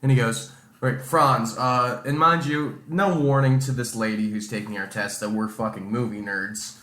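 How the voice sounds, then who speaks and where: Profane, animated man telling stories. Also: medium pitch, normal speed, echoey room. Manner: profane, animated storyteller doing dramatic quotes. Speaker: podcast co-host. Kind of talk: casual chat, storytelling.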